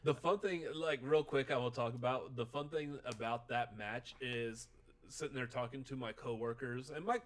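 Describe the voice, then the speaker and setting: Casting: male podcast co-host from Texas. Tired, giddy, tells animated stories and acts out quoted voices. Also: medium pitch, normal speed, slight background noise. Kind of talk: casual chat.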